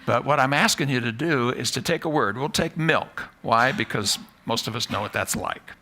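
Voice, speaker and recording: A man's voice: medium pitch, moderate pace, bright, forceful tone. A man, a psychology professor, giving a live talk to an audience in a playful, self-mocking way. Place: stage before a live audience.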